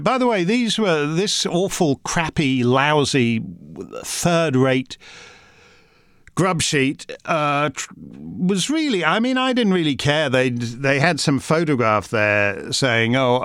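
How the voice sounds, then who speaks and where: Host, male, indignant and rambling, swings widely in pitch, dry close sound. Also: very animated, unhurried, fairly bright tone, clear, resonant tone, dry recording. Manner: rambling and combative, with frequent restarts; reads out listener questions. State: uses a wheelchair. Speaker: host answering member questions. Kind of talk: casual monologue.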